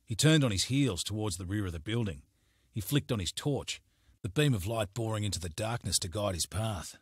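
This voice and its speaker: A man narrating a crime novel as an audiobook in a steady, measured storytelling manner, recorded on a close studio mic. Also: fairly low pitch, breathy edge, no echo.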